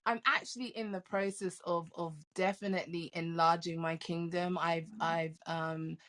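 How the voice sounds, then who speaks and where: A middle-aged woman, a life coach, talking as a guest in a casual interview. She tells stories in a lively way, laughs often and repeats words as she starts sentences. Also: lowish voice, moderate pace.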